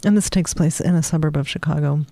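Mellow-voiced author, halting then reading aloud. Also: female voice, low-pitched, dry recording. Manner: hesitant with many fillers in talk, measured when reading. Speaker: author reading her novel. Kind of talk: conversation and book reading.

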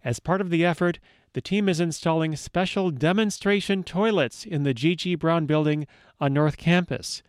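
A man's voice: fairly high pitch, normal speed, smooth, dry recording, clean studio sound. A man hosting a radio show, chatting casually with wry asides between news items and songs.

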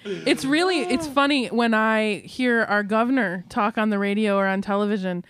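A woman's voice: medium pitch, moderate pace, a bit bright. A woman chatting casually, amused and wry. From Michigan, USA. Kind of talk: casual chat.

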